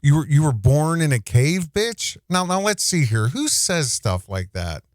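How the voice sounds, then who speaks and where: A man's voice: on the high side, big pitch swings, measured pace, no room sound. A man hosting a casual reaction commentary, rambling and indignant, with many restarts. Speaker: commentary host.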